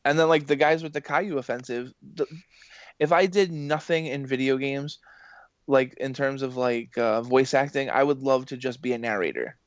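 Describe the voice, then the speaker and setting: A man, a voice actor and games journalist, telling rambling podcast stories in an excitable way, full of fillers and acted-out quotes. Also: medium pitch, moderate pace, no room sound. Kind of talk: casual podcast storytelling. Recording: muffled dry podcast audio.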